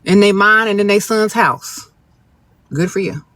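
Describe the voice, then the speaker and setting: A man's voice: high voice, unhurried, pushed and bright. A man hosting a live phone stream outdoors, reading out viewer questions and giving blunt, sassy, no-nonsense relationship advice straight to the audience. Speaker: advice-giving livestream host. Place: outdoors, birds nearby.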